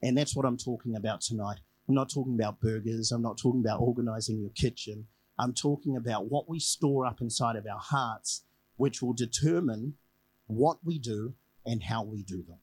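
A man's voice: mid-range voice, moderate pace, darkish tone, breathy edge, rough recording. A man preaching a conversational evening sermon, telling a personal story and repeating key phrases for emphasis.

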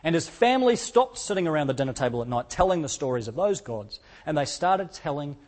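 A male pastor delivers a sermon in a casual, conversational way. His voice sits somewhat higher than most men's. He leans on rhetorical questions and often restarts a phrase mid-thought. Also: big pitch swings, fairly quick, a little mellow.

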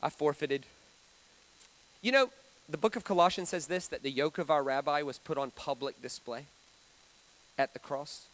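A high-voiced man preaches with bright, forceful energy. He tells stories in a chatty way and asks the crowd questions. He swings from booming to hushed for drama. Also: normal speed, pauses often. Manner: animated, dramatic preaching with sudden loud and soft swings; conversational, asks the audience questions. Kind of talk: storytelling sermon.

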